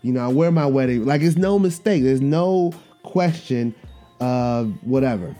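A man hosting a podcast, telling a story in a casual monologue, animated and slangy, often repeating himself. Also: medium pitch, unhurried, faint music behind. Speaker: podcast host.

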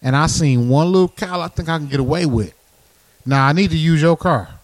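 A man in a casual chat, joking in a deadpan way, recorded in a basement. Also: fairly high pitch, a little fast, dry recording. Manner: deadpan joking, playful schemes.

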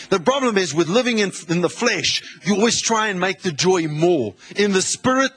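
A man from South Africa preaches in a church with an excitable, laughing delivery. His voice sits a little high for a man, and he stumbles over repeated words as he goes. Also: fairly quick, hardly any pauses, slightly rough, soft background music. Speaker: guest pastor. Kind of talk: sermon.

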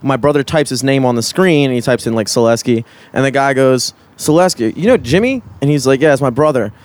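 A young man co-hosting a podcast, telling a story in an excitable, laughing way, and he is high. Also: fast. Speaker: podcast co-host. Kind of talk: casual podcast chat.

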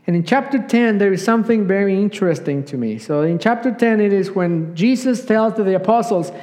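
A man preaching a sermon, telling a Bible story in a lively way and acting out the lines of the people in it. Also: sits high, brisk. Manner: animated storytelling, acting out the quotes he tells. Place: church sanctuary. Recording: long church hall reverb.

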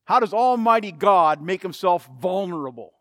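A man's voice: high-pitched, expressive, normal speed, fairly bright tone, no room sound, studio quality. A man preaching a sermon, emphatic and repeating key phrases for effect. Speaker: pastor.

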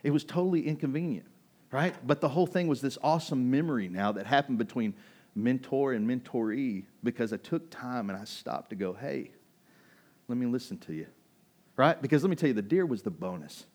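A man preaching a sermon in a relaxed, conversational way, telling a personal story and turning to ask his congregation questions. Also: medium pitch, fairly quick. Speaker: pastor. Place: restaurant used as a church hall.

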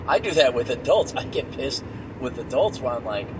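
A man's voice: mid-range voice, lively intonation, moderate pace. A middle-aged man hosting his podcast alone while driving, talking in a blunt, profane, exasperated way. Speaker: podcast host. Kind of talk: solo rant while driving. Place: inside a moving car. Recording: road noise from a car.

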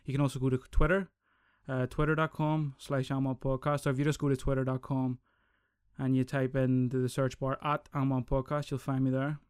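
Sweary podcast host. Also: male voice, mid-range voice, a little fast, smooth, no room sound, studio quality. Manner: sweary, rambling, animated. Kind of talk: casual solo podcast rant.

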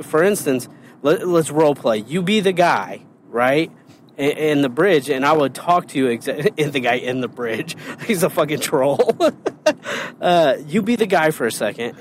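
A man's voice: on the high side, animated, moderate pace, a little hiss or hum. A man co-hosting a podcast in casual chat, joking crudely and laughing often. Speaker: podcast co-host.

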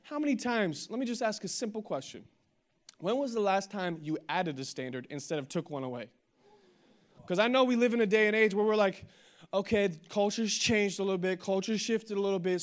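Young guy pastor preaching, kinda high voice, gets fired up and loud. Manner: energetic preaching that builds to loud declarations, with humorous storytelling. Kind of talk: sermon.

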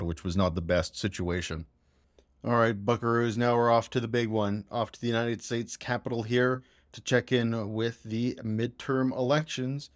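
Blunt man, fairly low voice. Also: dry recording, studio quality. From Canada. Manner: casual, blunt and opinionated. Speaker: podcast host. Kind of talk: political commentary monologue.

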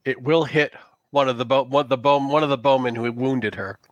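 A man running a tabletop game as game master, narrating in a loose, halting way with many restarts. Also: medium pitch, steady tone, no echo, dull audio.

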